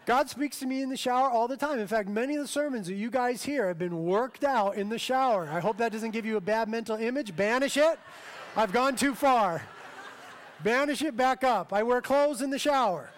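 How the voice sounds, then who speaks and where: A man pastor preaching a sermon, telling a story with slow, emphatic swells and quiet, tender passages. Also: very high-pitched, a little hiss or hum.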